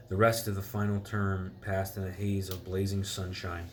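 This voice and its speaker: A man's voice: sits low, flat delivery, normal speed, slight background noise. A man reading a storybook aloud to his child, stumbling and restarting and stopping to explain hard words.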